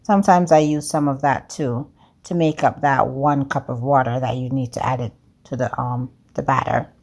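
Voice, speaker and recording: Speaking at a normal speed in a rumbling low, darkish voice with fairly even intonation, a woman shows viewers how to bake something at home. This accented cooking vlogger stays upbeat, calling her audience "guys" as she talks straight to them in non-native English.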